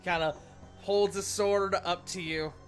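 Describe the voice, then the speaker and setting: A man narrating a tabletop game as game master, animated and laughing often, jumping into loud character quotes. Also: high voice, unhurried, faint music behind.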